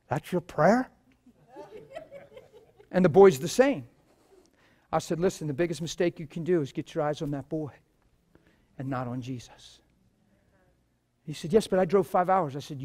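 A man preaching a sermon and telling stories, swinging from low murmurs to loud shouts. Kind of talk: sermon with testimonies.

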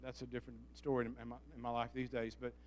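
A man's voice: mid-range voice, completely flat delivery, quick pace, a little mellow, a little hiss or hum. A man preaching a fervent sermon as pastor, calling out to the congregation for responses. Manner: fervent, calls for audience response.

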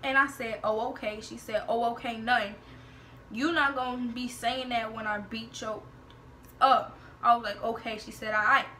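A woman's voice: on the high side, unhurried, a little hiss or hum. A young woman vlogger, sassily retelling social media drama in a storytime vlog. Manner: sassy, animated retelling with slang and quoted exchanges.

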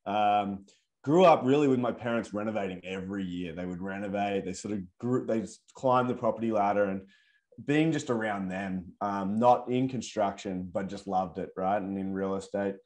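A man with an Australian accent, a guest telling his story in a relaxed, easygoing way over a video call. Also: fairly low pitch, moderate pace. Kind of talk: casual video call interview.

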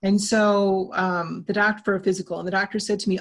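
Animated talkative woman interview guest. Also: mid-range voice, brisk, hardly any pauses. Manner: animated, talkative, acts out quoted exchanges. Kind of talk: casual interview talk.

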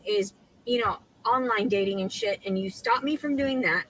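A woman's voice: mid-range voice, normal speed, a bit bright, a little hiss or hum, rough recording. A woman in a heated rant, agitated and stammering, swearing constantly. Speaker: woman filmed in her own posted videos.

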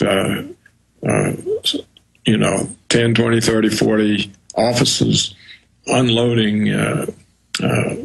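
A male interview guest speaking over a video call, measured and hesitant, pausing often. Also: fairly low pitch, creaky, breathy edge, low-quality recording.

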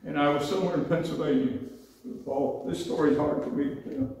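A middle-aged male preacher telling a personal story in a sermon, building from quiet narration to loud, emotional pleading. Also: a little high, brisk. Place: large church or convention hall. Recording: echoey hall, distant mic, faint noise.

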